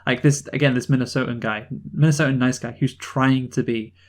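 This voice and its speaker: A man from the North of England co-hosting a film review podcast, talking enthusiastically and rambling with halting restarts. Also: medium pitch, steady tone. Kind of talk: casual film discussion.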